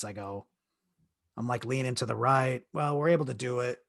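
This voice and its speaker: Seated with a painful leg, a man hosts his own podcast and tells a crude, joking story in a rambling monologue full of restarts. His medium-pitched voice is gravelly and a bit bright, at a normal speed with long pauses. The sound is clean studio quality with no echo.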